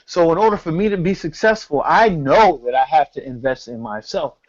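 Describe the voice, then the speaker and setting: A man co-hosting a casual talk show, telling a story in an animated, slangy, profane way. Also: on the high side, fairly quick, lo-fi sound. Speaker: podcast co-host.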